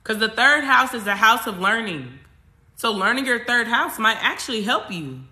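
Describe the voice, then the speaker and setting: Woman host, casual livestream, bright forceful tone, repeats herself for emphasis. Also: a little high, lively intonation, normal speed. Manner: emphatic, repetitive, talks straight at the audience; casual slang and swearing. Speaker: spiritual coach and astrology livestream host. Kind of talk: casual livestream talk to viewers.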